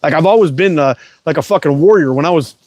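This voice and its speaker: Middle-aged man, profane rambling storyteller, bit higher pitch, dry close mic. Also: quick pace, a little mellow, no room sound. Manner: profane, rambling, repeats words. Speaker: livestream host. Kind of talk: casual storytelling monologue.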